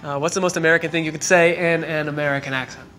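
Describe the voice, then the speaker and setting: A man asking brisk, upbeat quick-fire interview questions, laughing easily. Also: on the high side, fairly even intonation, fairly bright tone, faint music behind.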